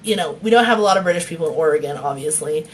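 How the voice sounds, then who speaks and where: A woman's voice: deep voice, lively intonation, rapid-fire, a little hiss or hum. A woman author reading her novel aloud and chatting with viewers, laughing often and swearing freely, on a phone mic.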